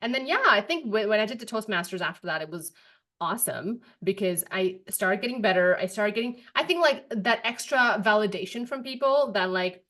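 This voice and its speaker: A young adult woman hosting a podcast, telling stories in an animated, quick, expressive way. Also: mid-range voice. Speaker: podcast host. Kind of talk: casual podcast chat.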